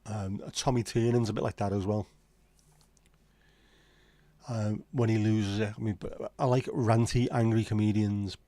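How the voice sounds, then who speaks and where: A man's voice: lowish voice, fairly even intonation, a little slow, long pauses, dark tone, no echo. A man with a Liverpool accent hosting a casual livestream chat, rambling and opinionated with frequent swearing. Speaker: livestream host.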